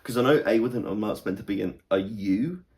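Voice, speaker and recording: A man's voice: lowish voice, fairly quick, a little mellow. A man appearing as a guest presenter, joking and fumbling his way through the names. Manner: joking, fumbling, self-deprecating. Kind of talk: casual chat.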